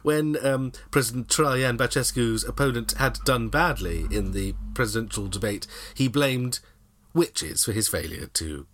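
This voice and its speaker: A man's voice: medium pitch, unhurried, fairly bright tone. A man co-hosting a comedy podcast, telling odd stories playfully and laughing often. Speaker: podcast co-host. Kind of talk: casual comedic chat.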